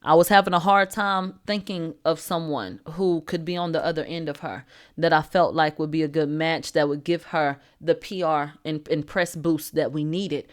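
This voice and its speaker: A woman hosting a celebrity gossip livestream. She talks in a brash, profane way, laughs, answers her chat, and swings from low asides to loud outbursts. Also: fairly even intonation, normal speed. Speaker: host of a celebrity gossip show. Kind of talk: livestream entertainment gossip commentary.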